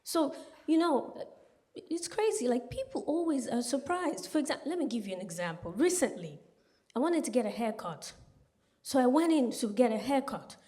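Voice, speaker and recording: A woman performs stand-up on a comedy club stage, her voice sitting a little high. She talks in a punchy, chatty way and keeps turning to the audience with quick asides. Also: very animated, warm tone. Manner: punchy, chatty delivery with frequent asides to the crowd.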